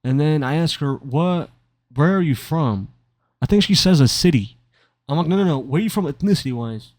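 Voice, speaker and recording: A young man chats his way through a long personal story while commenting on gameplay, tripping over his words and poking fun at himself. His voice sits a little high for a man, and the sound is dry and close, with no room around it. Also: animated, brisk, a little mellow, no room sound. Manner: rambling, stammering, self-mocking. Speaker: gaming commentator.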